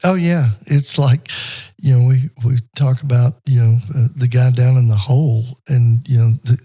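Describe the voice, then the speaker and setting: A man's voice: mid-range voice, fairly even intonation, normal speed, warm tone. A man in casual podcast conversation, talking with many fillers and telling a story with acted-out voices.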